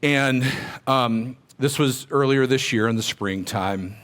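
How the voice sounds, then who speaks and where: A man's voice: medium pitch, takes it slowly, fairly bright tone. Middle-aged guy giving a pep talk to agents, mid-range voice, chatty storytelling, asks the crowd stuff. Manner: conversational, anecdotal, asks the audience questions. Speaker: speaker at a real estate agents' event. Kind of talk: motivational talk with personal stories.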